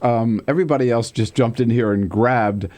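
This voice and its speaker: An older man hosting a morning radio talk show, chatting casually, laughing often and firing off quick questions at a studio mic. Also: mid-range voice, a little mellow.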